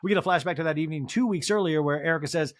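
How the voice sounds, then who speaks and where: A man's voice: a little high, rapid-fire, dry recording, studio quality. A man hosting a podcast and recapping a reality show with comic, gossipy asides. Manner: animated, gossipy, many fillers. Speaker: podcast host. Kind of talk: comedic TV recap.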